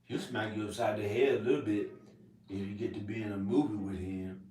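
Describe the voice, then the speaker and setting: A man rambling to camera in a casual monologue, jumping between topics with sudden loud laughing outbursts. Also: fairly low pitch, steady tone, a little fast, far from the mic. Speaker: vlogger. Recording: echoey room, voice off mic.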